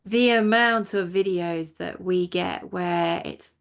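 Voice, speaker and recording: Gravelly-voiced chatty woman host. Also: fairly low pitch, slow pace. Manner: chatty, laughs easily, swears casually. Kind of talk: casual expert interview.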